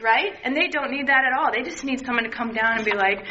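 A fairly high, sharp-toned female voice moves a little fast and sounds animated. The woman, in her thirties, shares an earnest, candid account of her recovery in casual conversation, voicing the people she quotes. The lo-fi audio is dull, with faint noise.

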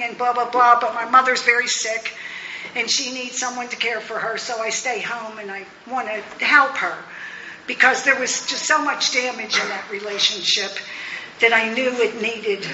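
A woman in her sixties tells her life story to a meeting, her high, very bright voice animated and laughing often. The sound is echoey and a little muffled, caught in a hall. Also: slight background noise. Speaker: speaker sharing her recovery story. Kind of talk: personal testimony talk.

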